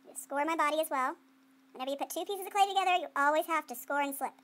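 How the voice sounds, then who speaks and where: A woman's voice: high-pitched, quick pace, bright, forceful tone. A woman art teacher giving a playful running commentary while she demonstrates clay sculpting to students.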